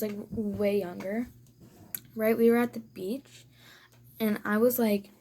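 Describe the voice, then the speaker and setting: A woman's voice: a little high, warm tone, slight background noise. A woman chatting casually in her room for a storytime vlog, rambling with lots of fillers and now and then slipping into a whisper. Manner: rambling, filler-heavy, sometimes dropping to a whisper. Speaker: vlogger.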